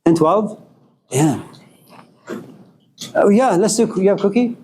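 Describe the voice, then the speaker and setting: A man's voice: sits high, lively intonation, slow pace, mellow, a little hiss or hum. A man giving an informal spiritual lecture to a live audience, joking and telling stories in a loose, conversational way.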